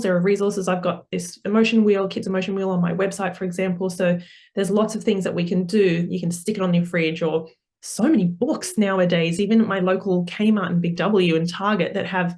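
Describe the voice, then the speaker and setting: A woman's voice: on the low side, darkish tone. A woman speaking as a parenting coach guest in a podcast interview, earnest and explanatory, with frequent fillers and restarts.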